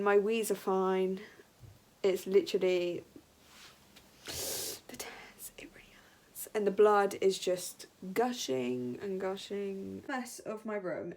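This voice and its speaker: A woman's voice: medium pitch, steady tone, normal speed. A woman in her late teens, a new mother vlogging from her bedroom at home, tired and short of breath, chatty and apologetic with many ums. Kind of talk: casual vlog chat.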